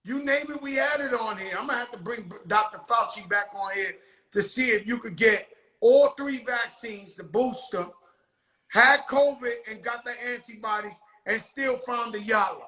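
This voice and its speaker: Loud, bright-voiced rowdy man host. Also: extremely high pitch, moderate pace, roomy sound, poor audio. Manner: rowdy, profane storytelling with shouted bursts. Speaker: show host. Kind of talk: casual chat.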